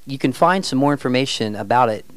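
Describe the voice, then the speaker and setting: A man's voice: medium pitch, lively intonation, fast, a bit bright, clear, resonant tone, no echo. A man teaching a ministry team, reading scripture aloud with dramatic rises in his voice. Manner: reads scripture with dramatic lifts. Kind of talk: preaching-style teaching.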